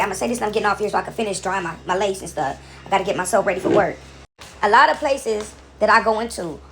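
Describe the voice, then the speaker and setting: A woman talks quickly, in a slightly high voice, as she tells a rambling story from her couch at home. She often repeats words and restarts, and checks in with "right?" A faint hum of room noise sits under her voice. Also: fairly bright tone. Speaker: vlogger. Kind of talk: casual storytelling to camera.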